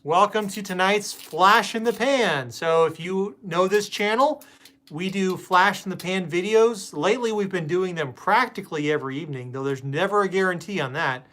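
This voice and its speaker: A man's voice: sits high, normal speed, fairly bright tone. A man hosting a casual live stream, chatting and greeting viewers by name with plenty of fillers. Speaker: host.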